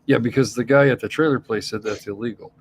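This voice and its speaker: A man in casual podcast chat, wry and quick to laugh, who tells stories and swears freely. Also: mid-range voice, a little hiss or hum. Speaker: co-host.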